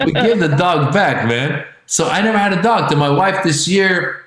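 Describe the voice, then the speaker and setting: A man in his forties from Iran tells stand-up stories, animated and profane, and talks straight to his audience. His voice sits a little above the usual for a man. It rings out in a very echoey space. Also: fairly high pitch, moderate pace. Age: 40s. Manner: animated, profane, addresses the crowd directly. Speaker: stand-up comedian. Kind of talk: stand-up routine on a livestream.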